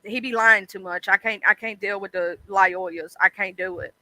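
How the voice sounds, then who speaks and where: A woman's voice: mid-range voice, fairly even intonation, moderate pace, bright, forceful tone, low-quality recording. A woman hosting a casual livestream, chatting bluntly about online drama and swearing freely. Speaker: livestream host.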